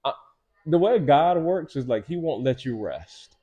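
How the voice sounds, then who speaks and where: A man's voice: a little high, expressive, a little slow, warm tone, highs cut off. A middle-aged man from Barbados, a guest author in a casual interview, telling stories animatedly and acting out quoted dialogue.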